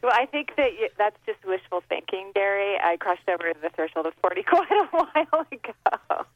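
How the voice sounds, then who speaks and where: A woman's voice: medium pitch, expressive, normal speed, no room sound. A woman in her fifties, a guest calling in on a landline, speaking graciously and laughing easily. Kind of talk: phone interview. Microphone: cordless landline phone. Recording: muffled landline phone call.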